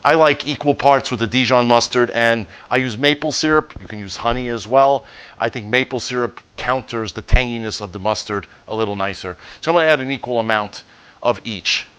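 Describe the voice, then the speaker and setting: A man hosting a home cooking demonstration, talking through each step in a relaxed, jokey way with the odd pun. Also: medium pitch, fairly quick, clean tone. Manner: relaxed, jokey, cracks puns. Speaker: cooking show host.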